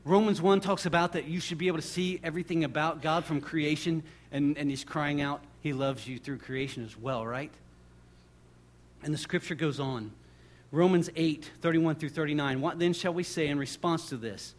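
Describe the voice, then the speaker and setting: A male pastor preaching a sermon, reading scripture and swinging between loud emphatic peaks and hushed, intimate asides. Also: a little high. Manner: reads scripture aloud with deliberate slowing on key words.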